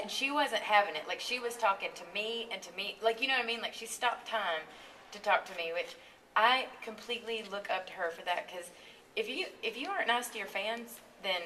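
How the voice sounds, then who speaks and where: A woman singer as a radio interview guest, talking in a chatty, animated way and laughing often. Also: a little high, a little fast, far from the mic, crowd noise, poor audio. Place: radio studio.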